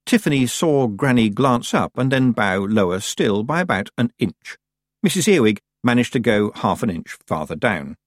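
Husky, expressive male storyteller. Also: fairly low pitch, no echo, clean studio sound. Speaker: audiobook narrator. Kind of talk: scripted narration.

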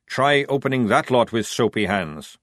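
Male reader as a gruff, sly old sergeant, rough speech, dry close sound. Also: medium pitch, lively intonation, normal speed, fairly bright tone, no echo. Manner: rough working-class speech, dropped words. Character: gruff, crafty old army sergeant, man.

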